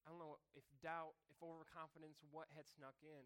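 A man's voice: a little high, flat delivery, a little fast, sharp tone, clean tone. Casual, conversational male preacher. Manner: conversational, self-correcting, chuckles at himself. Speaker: pastor. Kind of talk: casual sermon with scripture reading.

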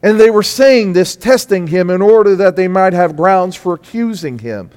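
A man preaching a sermon with emphasis, repeating his phrases and rising to loud peaks. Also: high voice, expressive, moderate pace. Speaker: pastor. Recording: echoey hall.

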